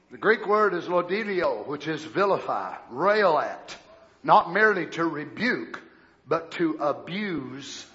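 A male preacher delivering a fiery sermon, moving from quiet explanation to shouting. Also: on the high side, lo-fi sound.

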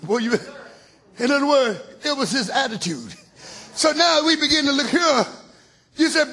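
Male preacher, shouting sermon with hallelujahs, very high, bright voice. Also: moderate pace, long pauses. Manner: shouting, call-and-response hallelujahs; colloquial, folksy speech.

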